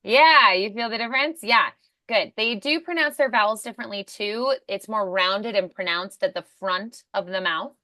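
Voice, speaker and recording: A woman teaching a voice acting lesson, demonstrating each sound as she explains it. Her voice is bright and forceful, recorded close and dry, with no room sound. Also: medium pitch, dry recording. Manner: demonstrative, coaching with sound examples and quick prompts. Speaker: voice acting coach.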